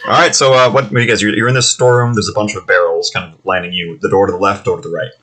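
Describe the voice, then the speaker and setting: A man's voice: fairly low pitch, steady tone, racing, bright, forceful tone, breathy edge. A man narrating as game master of a tabletop game, loose and full of fillers.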